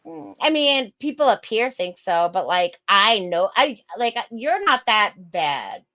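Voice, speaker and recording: A woman's voice: medium pitch, measured pace. A woman with a New York accent, co-hosting a casual podcast and telling stories that act out what other people said. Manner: animated storytelling, acting out others' lines, laughing often. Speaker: podcast co-host. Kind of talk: casual chat.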